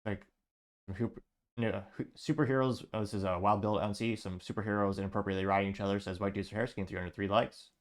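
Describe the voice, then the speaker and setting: A man's voice: lowish voice, steady tone, fast talker. A man hosting a political commentary show, reading social media replies aloud with sarcastic, wry asides. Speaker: podcast host.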